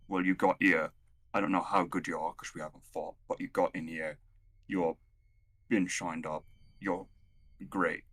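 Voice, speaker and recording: Deep voiced guy in a tabletop game, soft and halting, keeps stopping and restarting. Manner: hesitant, halting, soft-spoken. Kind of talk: in-character roleplay and table chat.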